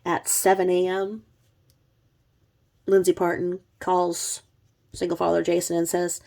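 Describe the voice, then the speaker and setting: Gravelly, low-voiced woman telling true crime. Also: little pitch movement, measured pace, pauses often, dark tone. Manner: chatty, sarcastic, with blunt asides. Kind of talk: casual vlog narration.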